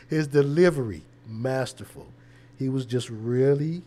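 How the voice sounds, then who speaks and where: A male preacher hosting his own show and talking loosely to his viewers. He restarts phrases and repeats words, then slips into preachy asides. His voice sits at an everyday middle pitch for a man. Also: animated, normal speed, darkish tone. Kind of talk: casual livestream commentary.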